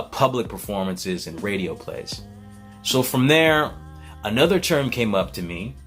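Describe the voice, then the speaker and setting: A man's voice: fairly low pitch, fairly bright tone. A man vlogging in a casual, earnest way, thinking aloud with many fillers and restarts. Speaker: vlogger, beat maker.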